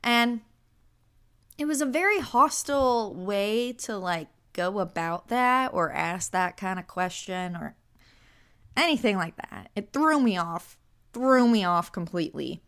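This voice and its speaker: A young woman hosting a podcast, telling a story in a casual, animated way with lots of "like" and incredulous asides. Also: medium pitch, a little slow, clear, resonant tone. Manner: animated, incredulous, heavy use of "like". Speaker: podcast host.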